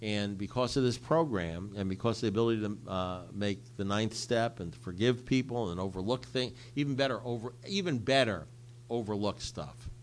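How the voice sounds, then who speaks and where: A man's voice: lowish voice, moderate pace. Blunt older man telling his recovery story. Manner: blunt, conversational, repeats phrases for emphasis. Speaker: speaker at a recovery meeting. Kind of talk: personal recovery story told to a group.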